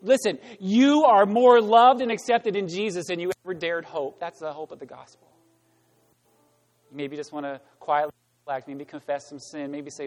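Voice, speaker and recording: A man preaching as pastor, earnest, moving between loud proclamation and hushed words. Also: sits high, moderate pace, in a large hall, soft background music. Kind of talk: sermon.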